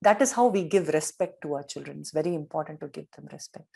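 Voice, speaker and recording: A middle-aged woman giving a devotional talk on parenting, gently telling stories and retelling quotes. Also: low-pitched, fast, gravelly, husky.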